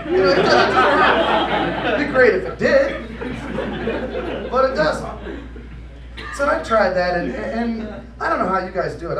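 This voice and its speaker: A man with a high voice rants through a stand-up comedy bit, his delivery animated and exaggerated. He sounds far from the mic, caught in an echoey room with steady noise behind him. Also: a little slow, pauses often, a crowd in the background. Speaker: comedic performer. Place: convention event room.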